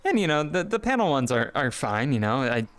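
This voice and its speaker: A man chatting casually on a live stream while he plays a game, playful and excitable, with frequent giggles and sudden leaps up in pitch. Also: fairly quick, clear, resonant tone.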